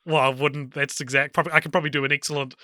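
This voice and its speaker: A man in his thirties talks through a film in casual podcast chat, with a bright, sharp-edged voice that sits a little high for a man. The sound is close and completely dry, with no room around it. He is animated and swears freely. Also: racing, dry recording. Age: 30s. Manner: animated, swearing, with many fillers and restarts. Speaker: podcast co-host.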